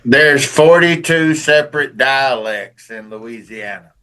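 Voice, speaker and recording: A man from East Texas, co-hosting a casual chat. His voice is bright and forceful at a middle pitch. He jokes in a colorful, wisecracking way. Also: slow pace.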